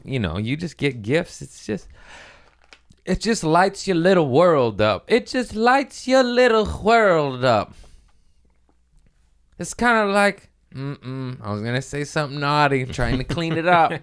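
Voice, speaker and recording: A young man talking in a casual comedic monologue, joking and swinging into loud character voices. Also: fairly low pitch, smooth. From Mexican-American family. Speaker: comedian podcast host.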